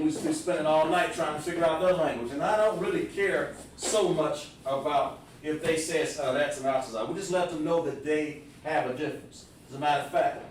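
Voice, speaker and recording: A fairly high-pitched religious teacher takes his live-stream audience through word meanings step by step in a scripture class, speaking to them directly. He's recorded from far away in a very echoey room with background noise.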